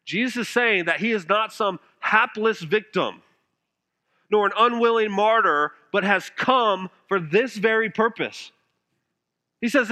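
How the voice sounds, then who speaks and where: Male pastor mid-sermon, high bright voice, earnest, lots of rhetorical questions, goes loud then quiet. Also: animated, normal speed. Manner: earnest preaching full of rhetorical questions, swinging from loud to hushed.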